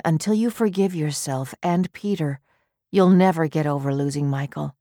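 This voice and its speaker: A woman reading a story aloud, voicing a tender, patient husband who speaks softly and quietly. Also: on the low side, gravelly, no room sound, clean studio sound, full character voice. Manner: soft and quiet.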